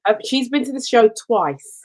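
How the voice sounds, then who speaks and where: A woman co-hosting a radio chat show, telling personal stories in an expressive way. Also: on the high side, moderate pace, poor audio. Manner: warm storytelling, expressive.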